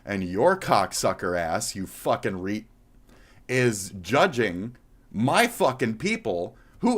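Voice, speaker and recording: A man's voice: on the low side, big pitch swings, slow pace, fairly bright tone. A man from Minnesota, live-streaming and reacting to clips, talking in a blunt, profane way. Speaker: livestreamer.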